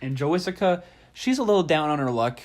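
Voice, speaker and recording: A man on a comedy podcast, pitching a silly show idea in a rambling, stammering way. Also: animated, brisk. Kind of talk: improvised comedy podcast bit.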